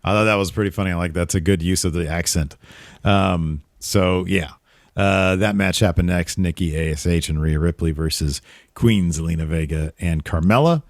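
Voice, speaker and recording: A man with a lowish voice co-hosts a casual wrestling recap. His sound is dry and close to the mic. He jumps into lively, higher voices when he quotes the wrestlers. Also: normal speed, no echo. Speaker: podcast co-host.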